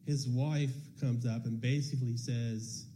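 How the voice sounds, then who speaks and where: A man's voice: medium pitch, steady tone, unhurried, mellow. A man sharing a personal testimony in church, telling the story casually and acting out bits of dialogue.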